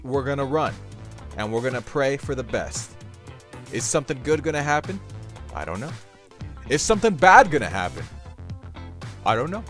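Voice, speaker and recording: Goofy, rambling gaming commentator, lively pitch. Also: male voice. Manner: goofy, rambling, talks to the viewer, sudden loud outbursts. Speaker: gaming YouTuber. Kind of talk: playful game commentary.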